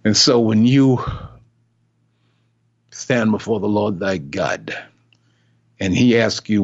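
A man's voice: fairly low pitch, takes it slowly, pauses often. An older man preaching an impassioned sermon, emphatic and repetitive, acting out the voices he quotes. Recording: dull lo-fi recording.

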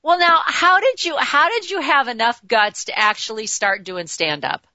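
A woman's voice: a little high, lively intonation, normal speed, bright, forceful tone, no echo. A woman hosting an interview show, asking her guest questions with enthusiastic reactions. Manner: enthusiastic and encouraging. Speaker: show host. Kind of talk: casual interview chat. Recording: dull dry lo-fi sound.

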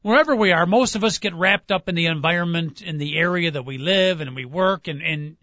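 Male sports radio host, high voice, folksy and musing, dull dry studio sound. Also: pushed and bright, dry recording. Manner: folksy, drawn-out musing, plugs the call-in line. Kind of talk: casual sports radio banter.

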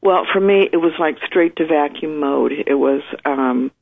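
A woman's voice: low-pitched, a little slow, gravelly. A woman guest with her early morning voice, telling her story in a chatty, detailed way full of fillers. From United States. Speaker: interview guest. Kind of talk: recounting a personal story. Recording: tinny phone line.

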